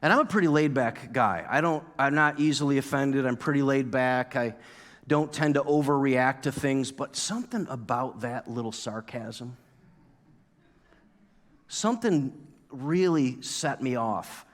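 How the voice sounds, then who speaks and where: A pastor from New York giving a sermon, telling a story and acting out his own past outburst with lively energy. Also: medium pitch, measured pace. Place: church sanctuary. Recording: long reverb of a church hall.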